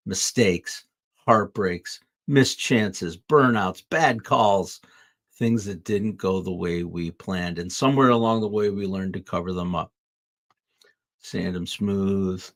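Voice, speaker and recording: An earnest man hosts a motivational podcast. He reflects slowly and then drifts into loose asides. His voice is very low. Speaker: host.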